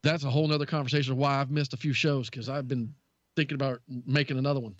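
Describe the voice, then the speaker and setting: A middle-aged Southern man with a thick drawl, trading self-deprecating jokes on a tech podcast. His voice comes through a dry, slightly dull line with the highs rolled off. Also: steady tone, fast, no room sound. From Texas. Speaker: tech show co-host. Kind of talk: casual podcast chat.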